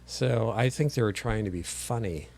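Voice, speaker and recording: A man's voice: on the low side, moderate pace, darkish tone, slight background noise. A man co-hosting a casual political chat show, rambling and sarcastic with sudden exclamations. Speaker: co-host.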